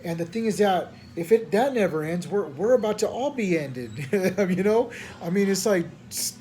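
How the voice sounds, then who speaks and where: A man's voice: high-pitched, lively intonation, normal speed, warm tone, faint music behind. A man, a preacher venting late at night in rambling, slangy talk full of stammered restarts and frustration. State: tired at night.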